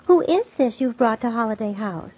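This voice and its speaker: A woman playing a gentle, high-voiced hostess. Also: lively intonation, moderate pace, slightly rough. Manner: soft, gentle, laughs often. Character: kindly gentle woman who hosts a holiday house. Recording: dull lo-fi old recording.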